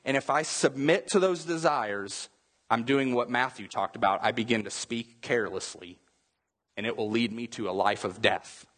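A man's voice: mid-range voice, normal speed, fairly bright tone, husky, big-room sound. A man preaching a sermon as pastor, emphatic and repetitive, often restarting his phrases.

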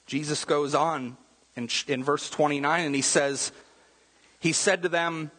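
Guy preaching, kinda husky, higher voice, lots of hall echo, keeps asking right?. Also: steady tone, measured pace, fairly bright tone. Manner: conversational, repeats "right?" to engage listeners. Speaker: pastor. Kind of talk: sermon.

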